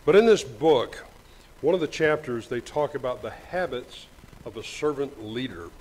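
A man's voice: medium pitch, expressive, a little mellow, low-quality recording. Older man preaching with folksy jokes. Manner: folksy, joking asides, reads scripture slowly. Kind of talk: sermon. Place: church sanctuary. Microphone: microphone with monitor.

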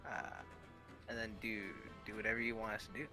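A man's voice: on the low side, monotone, fairly quick, over music. A man playing in a tabletop game, joking around and planning the group's next steps. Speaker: player. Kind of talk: casual game chat.

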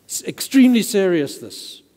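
A male pastor preaches with emphatic stress and repeats words to drive a point home. His voice is warm and mellow. The sound carries a long reverb from the church hall. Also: high voice, sing-song, moderate pace. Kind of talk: sermon.

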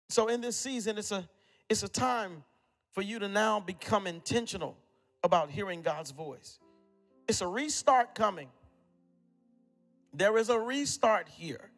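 A man preaching a sermon as pastor, emphatic, repeating phrases and dropping suddenly to a hush. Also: sits high, expressive, unhurried, pauses often, big-room sound, soft background music. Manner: emphatic preaching with repetition and sudden drops to quiet.

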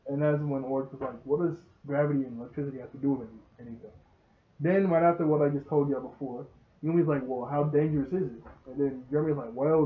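A young man, rambling through a casual episode recap and acting out the characters' lines. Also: fairly high pitch. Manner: rambling, laughs often, acts out dialogue. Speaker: show reviewer. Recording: tinny phone-like sound.

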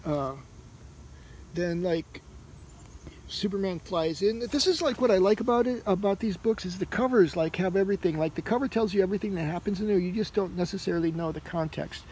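A man's voice: high-pitched, brisk, a little mellow, slight background noise, rough recording. A man casually talking through a comic book issue in a rambling way, full of fillers and restarts. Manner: rambling, heavy on fillers like "you know" and "uh". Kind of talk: casual spoken review.

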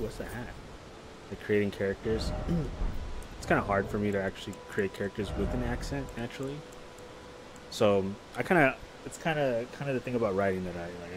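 A man with a fairly low voice chats casually while streaming a game live, rambling from one topic to the next. He breaks into loud, excited reactions to the action. A clear hum of background noise sits under his stream mic. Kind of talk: casual live gameplay chat.

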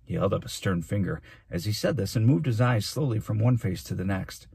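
A male teacher reading a chapter of a children's novel aloud in an even, steady storytelling manner. His voice is very low and husky, recorded dry and close. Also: fairly quick, no room sound.

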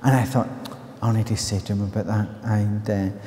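A man's voice: lowish voice, steady tone, moderate pace, dark tone. A man with a Northern Irish accent preaching a sermon in a church, earnest and full of storytelling, often restarting his sentences. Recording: echoey church reverb.

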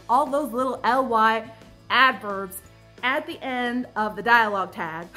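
A woman in her twenties casually vlogs about her own writing, dramatic and self-deprecating, laughing often and breaking into mock-anguished outbursts in this confessional video. Her voice sits high and sounds sharp and animated, with an unhurried pace and faint music in the background.

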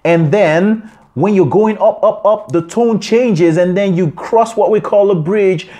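A man's voice: high voice, measured pace, mellow. A man teaching a singing lesson, explaining in short phrases and singing examples. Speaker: singing coach. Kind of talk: vocal lesson with sung examples.

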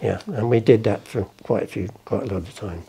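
A man's voice: fairly low pitch, fairly quick, creaky, warm tone, slight background noise. A man, a podcast guest rambling through anecdotes, swearing and acting out the people in them. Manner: rambling, swears, acts out the people in his stories. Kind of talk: casual anecdotal storytelling.

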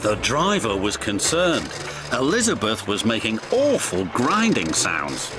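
A man reading a children's story aloud with a very lively, sing-song delivery that leaps up and down. A music bed plays under his narration. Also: on the low side, measured pace.

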